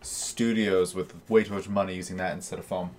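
A man's voice: sits low, level tone, brisk. A man in casual chat on a gaming podcast, adding dry, wry remarks.

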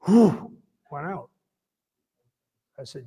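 A middle-aged pastor telling a folksy, laughing story in a sermon, with sudden loud bursts. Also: male voice, on the high side, measured pace, heavy background noise.

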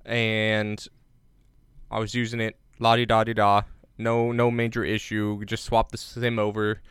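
Smooth-voiced man, jokey rambling podcast host. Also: on the low side, a little slow, no room sound, clean studio sound. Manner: jokey, rambling, deadpan asides. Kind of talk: casual chat. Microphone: remote recording on separate devices.

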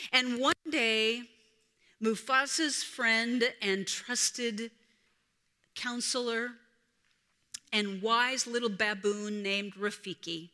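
Slow, bright-voiced woman preacher. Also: mid-range voice. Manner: dramatic, swinging from hushed whispers to loud emphatic peaks. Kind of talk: sermon storytelling. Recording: reverberant hall.

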